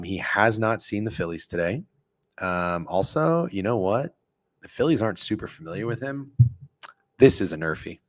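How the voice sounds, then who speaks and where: A man in his thirties hosting a sports betting stream, talking casually and excitably with lots of profanity while reacting to his chat. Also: deep voice, no room sound. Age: 30s.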